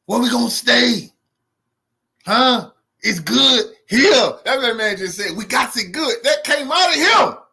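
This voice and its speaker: Heated, mocking man with a high, lively voice. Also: a little slow, vocal fry. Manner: heated, mocking, profane, laughing often. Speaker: commentary channel host. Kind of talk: reacting to news clips.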